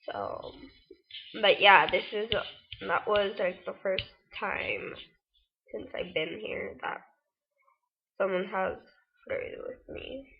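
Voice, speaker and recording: Chatty eighteen-year-old woman, gravelly. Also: mid-range voice, slow pace, long pauses. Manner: chatty, rambling, with many fillers and laughs. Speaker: vlogger. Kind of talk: casual storytelling vlog. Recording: lo-fi webcam audio.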